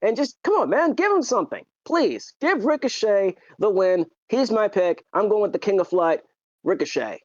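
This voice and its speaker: A man talks in a loose, rambling podcast chat, full of ums and restarts. His voice sits a bit high, and the recording is dull and lo-fi. The sound is dry, with no room around it. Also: moderate pace, no echo. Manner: rambling, filler-heavy, excitable. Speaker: podcast co-host. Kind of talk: casual wrestling chat.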